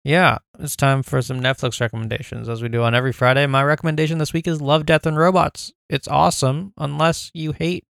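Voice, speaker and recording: A man's voice: on the high side, steady tone, fairly quick, vocal fry, hardly any pauses, a bit bright, no room sound, studio quality. A man co-hosting a casual podcast, joking and bantering with his friend. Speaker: podcast co-host. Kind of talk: casual chat.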